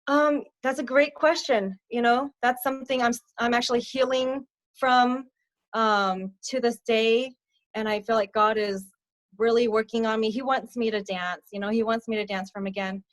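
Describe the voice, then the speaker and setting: A young adult woman giving a candid personal testimony as a podcast guest, speaking softly with many fillers and letting her voice sink on the hardest parts. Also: fairly even intonation, normal speed, dry recording. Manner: soft-spoken, frequent fillers, drops low on hard parts. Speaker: podcast guest, abuse survivor mentor.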